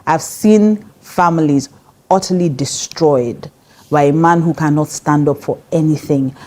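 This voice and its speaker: A middle-aged woman pastor with a Nigerian English accent teaching on marriage in a direct, conversational way. Her voice sits low and sounds warm and mellow. She stresses her points firmly and breaks into laughter often.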